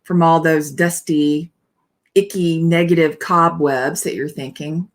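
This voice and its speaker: A woman's voice: low-pitched, steady tone, a little slow. A woman minister giving a conversational spiritual talk, chatty and digressive, often adding "you know" and "right?" as she reads aloud from a book with asides.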